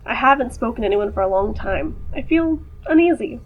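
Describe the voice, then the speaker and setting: Sounding slightly off after a recent cold, a woman reads a game's text aloud on her gaming video, cutting in with playful, chatty jokes between passages. She speaks high, expressive and brisk with hardly any pauses, and the highs are cut off.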